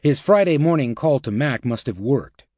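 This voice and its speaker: In scripted audiobook narration of nonfiction, a man reads at a middle pitch with a steady, measured rhythm. The audio is close-miked and dry, carrying no room sound.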